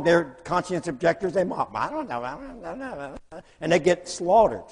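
Preacher, gravelly husky voice a bit high, echoing hall, animated storyteller. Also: male voice. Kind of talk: storytelling sermon. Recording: long hall reverb.

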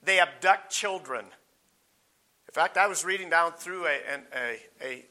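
A man delivers a sermon in a sharp, very bright voice pitched a bit high. He stumbles over fillers and restarts, then drives his points home by saying them again. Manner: halting, with many fillers and restarts, repeats key points for emphasis. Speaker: preacher.

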